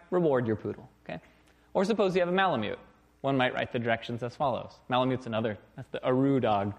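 Lively, informal male lecturer. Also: fairly high pitch. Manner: lively, informal, asks "okay?" and "right?" often. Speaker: university lecturer. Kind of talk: recorded programming lecture.

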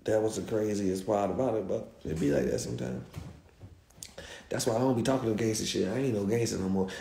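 A young man, a guest telling a story in animated, slangy style and repeating himself. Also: lowish voice, fairly quick, vocal fry, reverberant. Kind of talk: street storytelling.

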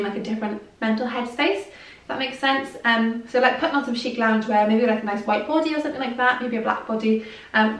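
A woman's voice: fairly high pitch, recorded from a distance, a little hiss or hum. Gushing woman in an echoey room. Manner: gushing, chatty, lots of "like" and "I love". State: a little out of breath. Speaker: fashion vlogger. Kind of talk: casual try-on haul chat.

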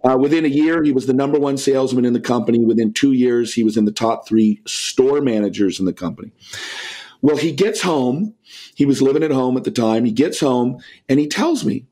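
Mellow-voiced middle-aged man telling stories. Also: medium pitch, fairly quick. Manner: lively storyteller who acts out quoted dialogue. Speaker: podcast guest. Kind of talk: anecdotal storytelling in an interview.

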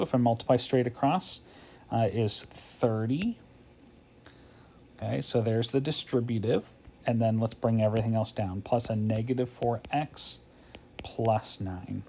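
A man's voice: medium pitch, dark tone. A man teaching a math homework walkthrough, thinking aloud in a casual way, tired and yawning, often checking in with "okay?".

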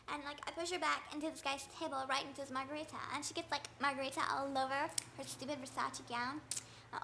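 A woman's voice: sits high, pushed and bright, a little hiss or hum. A young woman telling a gossipy comic rant in valley-girl talk, saying "like" and "oh my god" constantly. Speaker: vlogger.

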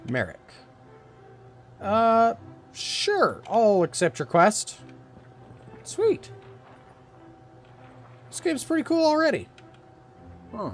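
A man's voice: extremely high pitch, huge pitch swings, very slow, pauses often, soft background music. A man hosting a let's play, chatting playfully and reading the game text aloud. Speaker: gaming video host.

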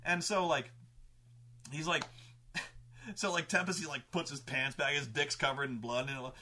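A man hosting a show, animated and profane, telling a story about running a tabletop game and laughing often. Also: fairly high pitch, normal speed, pauses often. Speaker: show host recounting his game mastering. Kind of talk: casual storytelling.

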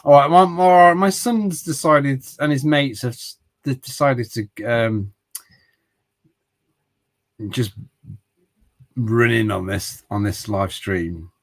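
A man's voice: medium pitch, slow pace, pauses often, low-quality recording. A middle-aged man chatting casually while streaming games, rambling with stumbling restarts and jokes. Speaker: streamer playing retro games. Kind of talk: casual livestream chat.

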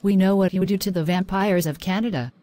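A woman's voice: mid-range voice, fairly even intonation, a little fast, warm tone, lightly acted. A woman voicing a defiant female overseer of a crusade in an audio drama, speaking in solemn, declamatory vows.

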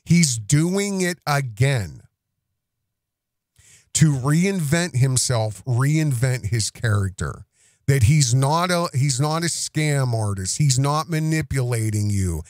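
A man's voice: medium pitch, expressive, slow pace, a little mellow, no room sound, clean studio sound. A man hosting a podcast, delivering accusatory commentary in an emphatic way, repeating himself and restarting phrases. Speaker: podcast host.

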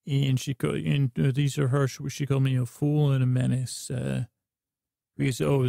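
Rambling, gravelly man telling a sleep story. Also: mellow, no echo, clean studio sound. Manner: meandering, stammering, low-key. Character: downcast male spaceship pilot writing to a pen pal. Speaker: podcast host and storyteller.

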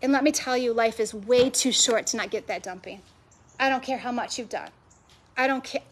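A woman's voice: on the high side, normal speed. A woman preaching a sermon to a live audience, passionate and emphatic, stacking repeated phrases. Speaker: women's ministry speaker. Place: event venue with a live audience.

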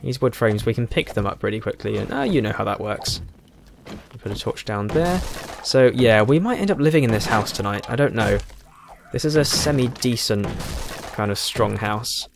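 A man giving casual let's play commentary, thinking aloud and chuckling, with a hoarse voice and a frog in his throat. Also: lowish voice, animated, normal speed, background noise. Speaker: game streamer.

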